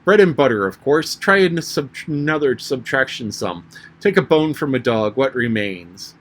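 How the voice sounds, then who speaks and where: A man's voice: mid-range voice, lively intonation, normal speed, natural voice. A man reading an audiobook and voicing the Red Queen, a haughty, bossy queen with a curt, commanding manner.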